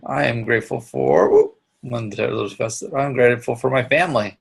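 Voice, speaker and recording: A middle-aged man teaching a live online class, speaking earnestly with many pauses and restarts. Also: mid-range voice, vocal fry, slightly rough. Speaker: instructor.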